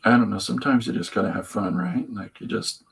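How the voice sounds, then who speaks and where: A man's voice: medium pitch, brisk, gravelly, breathy edge, poor audio. A man hosting a live stream, chatting loosely and joking while he draws comics. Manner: joking, meandering, lots of restarts. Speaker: host drawing comics on a stream. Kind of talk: rambling live-stream chat while drawing.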